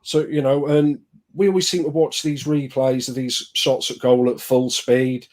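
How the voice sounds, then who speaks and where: A man with a mid-range voice co-hosts a casual football podcast. He talks in an animated, exasperated way and thinks out loud as he goes. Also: medium pitch, moderate pace. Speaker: podcast co-host.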